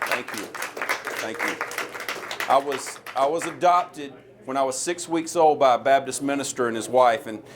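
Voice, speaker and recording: A man's voice: medium pitch, moderate pace. A man in his forties with a Southern American accent, giving an earnest, folksy campaign speech as a presidential candidate. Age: 40s. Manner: folksy, earnest storytelling with a crowd-rousing push.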